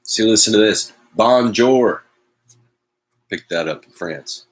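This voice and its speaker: A man's voice: deep voice, normal speed, fairly bright tone, slightly rough, poor audio. A man hosting a casual solo chat show from home, rambling and wry with self-mocking asides. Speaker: host.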